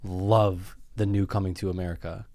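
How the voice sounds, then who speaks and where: A man co-hosting a casual movie review podcast, dry and deadpan, swearing casually. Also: low-pitched, moderate pace, no echo. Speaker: podcast co-host.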